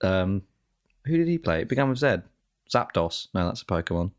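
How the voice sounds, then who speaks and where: A man's voice: sits low, sing-song, fairly quick, smooth. A man co-hosting a podcast in casual banter, teasing and wry. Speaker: podcast co-host.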